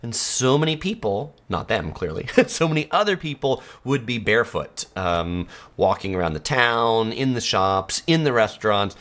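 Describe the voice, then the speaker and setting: A man's voice: on the low side, sing-song, normal speed, few pauses, fairly bright tone. A man from San Diego hosting a live stream, chatting easily and laughing often as he reads viewer comments. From United States (San Diego).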